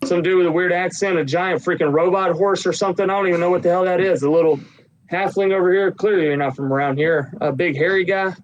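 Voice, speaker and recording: Guy doing a loud blustery fat official, gruff, crude, pitched up a bit. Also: steady tone, fast talker, muffled recording, natural voice. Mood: brash. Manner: gruff, crude, talks loudly.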